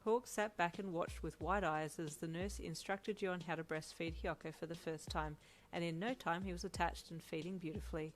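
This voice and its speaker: A woman narrating a fan fiction story in a steady, low-key way. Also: normal speed, faint music behind.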